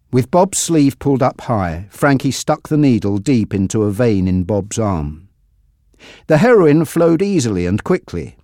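A storybook narrator reading a tense crime tale at an unhurried pace. The delivery is deliberate, and the pitch rises and falls freely to follow the action. The sound is dry and close to the mic. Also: dry recording. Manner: deliberate, expressive. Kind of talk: slow dramatic storybook reading.

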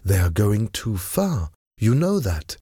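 A man voicing a sorrowful young woman who pleads softly with her brother in a storybook reading. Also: on the low side, very animated, breathy edge, no room sound, clean studio sound, full character voice. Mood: pleading sadly. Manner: soft, pleading, drawn-out.

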